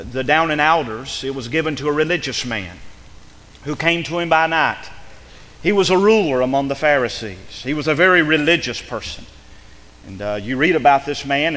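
Male pastor, bright forceful voice, emphatic chanting sermon delivery, long church reverb. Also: mid-range voice. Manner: preacherly, rising to an emphatic chant. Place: church sanctuary.

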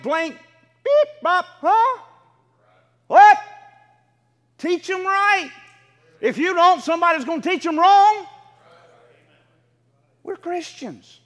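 High-voiced preacher in an echoing hall. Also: male voice. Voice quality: emphatic, rising to fervent shouts. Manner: call-and-response, exhorting the congregation. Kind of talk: sermon.

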